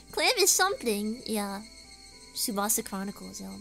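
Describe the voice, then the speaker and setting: A woman's voice: mid-range voice, very animated, a little slow, gravelly, sharp tone, soft background music. A woman streamer chatting casually, rambling through stories with lots of filler words. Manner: rambling, filler-heavy storytelling.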